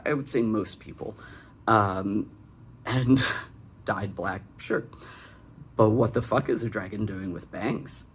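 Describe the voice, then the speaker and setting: A man's voice: fairly low pitch, takes it slowly, pauses often, a little hiss or hum. A young man hosting a comedic critique of bad fan fiction, with sarcastic, exasperated asides. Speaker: fanfic critic and host.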